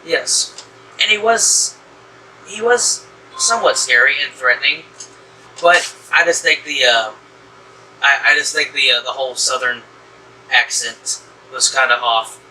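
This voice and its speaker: A man's voice: mid-range voice, a little slow, long pauses, bright, forceful tone. Rambling man reviewing a movie. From American South. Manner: rambling, many fillers and restarts. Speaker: horror movie reviewer, host. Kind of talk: casual movie review chat. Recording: distant mic with faint room hum.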